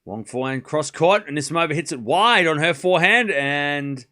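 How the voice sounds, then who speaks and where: Sounding like a laid-back streamer rather than a professional commentator, a man with a non-native English accent calls tennis points live, with short bursts on each rally and replies to chat. His voice is a little high at a normal speed, animated, and leaps up sharply on big points.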